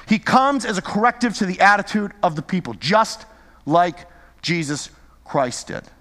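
A high-pitched man delivers a lively, conversational sermon and keeps checking in with his listeners. His voice carries a long hall reverb, as if he is speaking in a large space. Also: normal speed. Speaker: Bible teacher.

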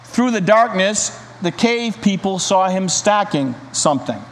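A man's voice: high voice, slow. A man preaching a sermon and reading a story aloud, in an earnest, emphatic manner. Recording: reverberant hall, faint hiss.

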